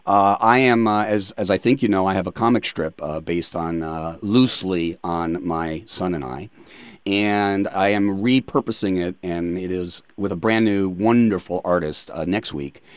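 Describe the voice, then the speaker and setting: Male talk radio host, lowish pitch, playful self-deprecating banter, dry studio sound. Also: smooth, no room sound. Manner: joking, self-deprecating, quick asides. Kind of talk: casual radio chat.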